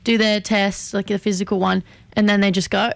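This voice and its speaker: A young Australian woman in casual radio chat, quick to react and chatty. Her voice has a noticeable gravelly fry, and the recording is close and dry with no room sound. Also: medium pitch, little pitch movement, dry recording. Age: young adult. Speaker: radio co-host.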